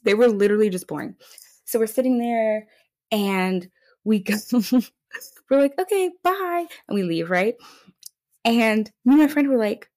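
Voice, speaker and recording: Playful, animated young woman podcaster. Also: moderate pace, pauses often. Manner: animated, playful, swoops high for quoted voices. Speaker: podcast host. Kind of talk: casual solo podcast storytelling.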